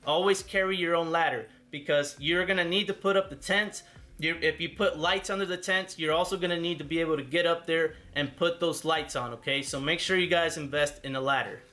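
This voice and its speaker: A man's voice: fairly high pitch, steady tone, fairly quick, bright, forceful tone. A man showing gear and explaining it in a casual how-to walkthrough, often ending his points with "okay?". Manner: instructive, ends points with "okay?". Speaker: party rental business owner. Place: warehouse.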